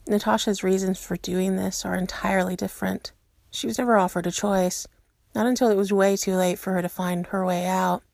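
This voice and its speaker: A woman narrating a story aloud in a steady, measured way. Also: mid-range voice, vocal fry, dry recording, clean studio sound. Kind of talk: reading fan fiction aloud.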